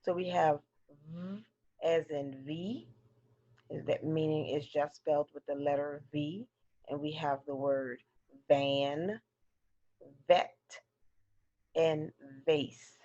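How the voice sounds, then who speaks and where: Woman teacher, low voice, unhurried phonics drill for kids, dull lo-fi recording. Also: fairly even intonation, warm tone, dry recording. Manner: slow, clearly drilled word pairs. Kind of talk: phonics lesson for children.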